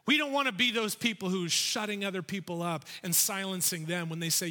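Preacher guy, high bright voice, urgent and animated, big churchy echo. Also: brisk, few pauses. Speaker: pastor. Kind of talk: sermon. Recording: reverberant hall.

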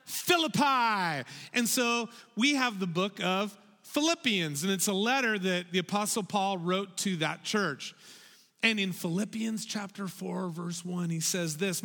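A man giving a children's sermon in an animated way, getting the kids to repeat phrases back to him. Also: high voice, unhurried, creaky. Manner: animated, calls for audience repetition. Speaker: children's pastor. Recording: long hall reverb.

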